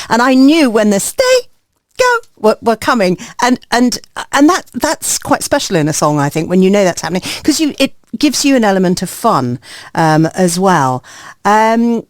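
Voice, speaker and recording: A woman's voice: mid-range voice, sing-song, normal speed, dry recording, clean studio sound. A woman who grew up in Singapore, hosting a radio panel show, hesitant with repeated words yet enthusiastic. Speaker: radio host.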